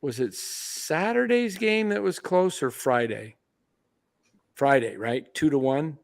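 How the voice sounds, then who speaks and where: A man's voice: on the high side, lively intonation, slow pace, creaky. A man co-hosting a casual sports talk show, rambling and hesitant as he tells a story. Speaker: podcast co-host.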